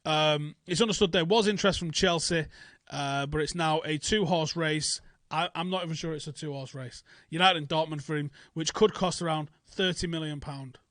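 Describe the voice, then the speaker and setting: A man's voice: fairly high pitch, normal speed, fairly bright tone, no echo. A young man, hosting casual football transfer talk, blunt, sweary and often incredulous. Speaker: football channel host.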